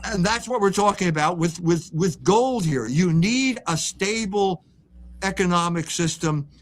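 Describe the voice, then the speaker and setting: An older man speaks as a guest author on a live interview stream. His voice sits high, and he lectures in an opinionated, emphatic way. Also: measured pace.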